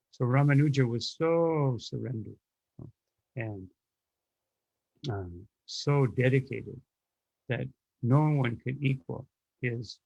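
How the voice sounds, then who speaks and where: A man's voice: mid-range voice, vocal fry, a little mellow, husky, dry recording. Man telling devotional stories, dull dry recording. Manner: tells stories with acted quotes, frequent fillers and restarts. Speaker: spiritual teacher. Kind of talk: devotional lecture with storytelling.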